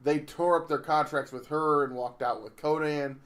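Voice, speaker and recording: Casual podcast co-host, man, slightly high voice, rambling and filler-heavy. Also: steady tone, moderate pace, fairly bright tone. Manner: rambling, laughs easily, many fillers. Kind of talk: casual wrestling podcast chat.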